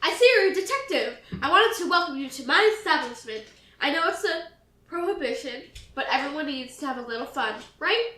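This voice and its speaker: A woman's voice: high-pitched, lively intonation, a little fast, pushed and bright. A woman putting on a cheerful speakeasy owner. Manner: breezy and welcoming. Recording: roomy echo.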